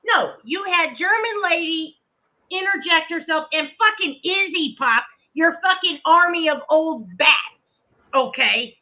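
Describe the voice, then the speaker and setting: A woman's voice: very high voice, a little slow. Brash woman host trading insults on stream over a tinny phone-like line. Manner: profane, combative and mocking. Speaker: livestream host. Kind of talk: heated livestream argument.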